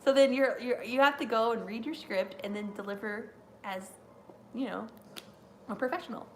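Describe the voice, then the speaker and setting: Young woman, live-stream host, rambling casual chat, frequent laughs, fairly high pitch. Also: normal speed, a little mellow, a little hiss or hum. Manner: rambling, filler-heavy, laughs often.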